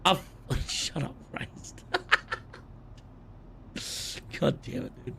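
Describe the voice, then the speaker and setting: An Australian man casually commentates his game on a live stream, trading playful, cocky banter with chat. He draws out his words, and the background is noisy.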